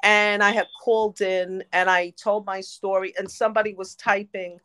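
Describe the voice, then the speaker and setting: A woman telling her own story as a podcast guest, lively and quick to laugh. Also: mid-range voice, dry recording. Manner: lively, laughs often between phrases. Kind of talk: storytelling in interview.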